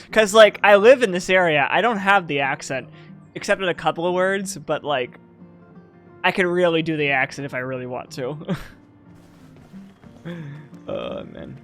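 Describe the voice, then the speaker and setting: A man giving casual gameplay commentary as a streamer, excitable, swearing and riffing in mocking rants. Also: a little high, a little slow, long pauses, soft background music.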